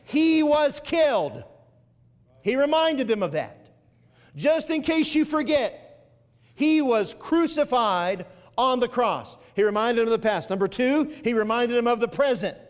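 A man's voice: very high-pitched, lively intonation, unhurried, big-room sound. A man preaching an Easter sermon as pastor, stretching key phrases and building to emphatic peaks. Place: church sanctuary.

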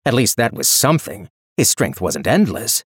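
A man giving scripted narration of a fantasy story in a steady storytelling manner. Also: lowish voice, moderate pace, slightly rough, no room sound, clean studio sound.

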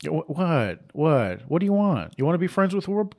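Here a middle-aged man with a slightly high voice holds forth in a fervent, preachy monologue at a moderate pace, very animated throughout. He mixes in laughing asides and mocking voices.

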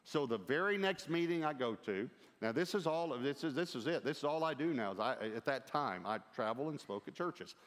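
A middle-aged man preaching a sermon, telling a lively story with quoted dialogue and humor. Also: mid-range voice, brisk, few pauses. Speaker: pastor. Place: large church auditorium. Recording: long hall reverb.

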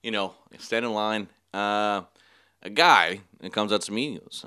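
A man's voice: fairly low pitch, normal speed, bright, forceful tone, smooth, dry recording, clean studio sound. A young man hosting a casual solo podcast, rambling through a story with frequent laughs and offhand swearing. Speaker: podcast host. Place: small studio.

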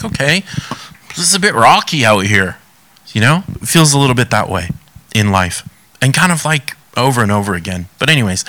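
A man preaching a sermon, reading scripture and asking animated rhetorical questions. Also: lowish voice.

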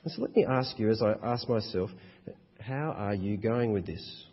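A man's voice: lowish voice, normal speed. A man preaching a sermon as a pastor, with emphatic, rhythmic repetition. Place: church hall. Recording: dull echoey church hall.

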